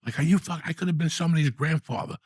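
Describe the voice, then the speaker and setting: A man in his sixties telling a story in casual, profane, animated style, with loud outbursts. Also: fairly high pitch, racing, slightly rough, dry recording, studio quality. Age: 60s. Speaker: podcast host.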